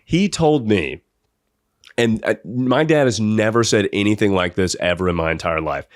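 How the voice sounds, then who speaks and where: A man's voice: on the low side, expressive, moderate pace, no room sound, studio quality. A young man hosting a podcast, telling a comedic story in a rambling way and often laughing through it. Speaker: podcast host.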